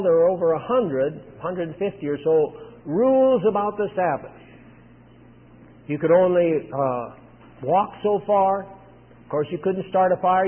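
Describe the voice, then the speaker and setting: A man preaching a sermon, retelling a scripture scene in plain storytelling with frequent pauses. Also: high-pitched. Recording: tinny phone-like sound with long hall reverb.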